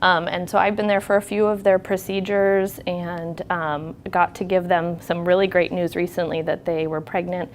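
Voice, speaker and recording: A woman's voice: fairly low pitch, flat delivery, moderate pace, few pauses, a little hiss or hum. A woman nurse giving a candid, conversational talk to an audience, telling stories from her clinic work in a reflective way.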